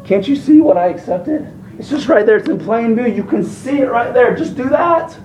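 A man's voice: extremely high pitch, lively intonation, normal speed, a little mellow, reverberant, slight background noise, voice pushed up, poor audio. A man preaching gives voice to God pleading with a sinner, with urgent, persuasive insistence. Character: God pleading with a sinner, stern yet patient.

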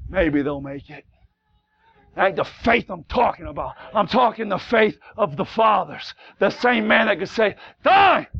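A man preaching a fiery Pentecostal sermon in a church, swinging from low conversational asides to shouted exhortation in plain, folksy speech. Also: animated, moderate pace, vocal fry, few pauses, highs cut off. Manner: folksy plain-spoken grammar. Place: church sanctuary.

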